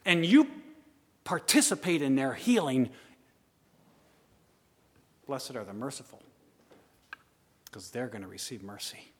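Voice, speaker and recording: A man preaching a sermon, swinging from loud urging to hushed asides. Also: mid-range voice, big pitch swings, unhurried, long pauses, husky. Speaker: pastor. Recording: long hall reverb.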